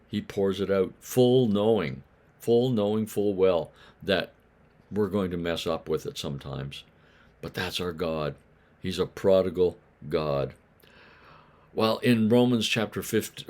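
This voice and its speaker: Deep-voiced man giving a lively devotional. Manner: animated, acts out voices of grumbling neighbors; conversational, asks listeners rhetorical questions. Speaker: preacher. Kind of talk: daily devotional Bible talk.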